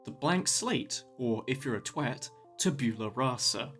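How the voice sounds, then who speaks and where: A man's voice: mid-range voice, animated, measured pace, fairly bright tone, soft background music. A man narrating a scripted video essay, with wry, jokey asides.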